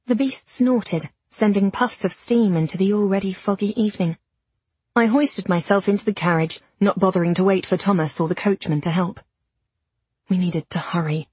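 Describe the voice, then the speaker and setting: Audiobook narrator, woman, breathy mid-range voice, dry close studio sound. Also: medium pitch, no room sound. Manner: steady storytelling with period diction. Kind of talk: scripted first-person narration.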